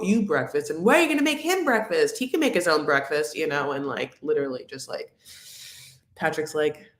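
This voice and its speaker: A woman with a low, deep-set voice runs a live reality TV recap. She talks in a campy, gossipy way, rambling through "likes" and restarts and calling her viewers honey. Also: a bit bright. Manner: chatty and campy, calls viewers honey and my loves.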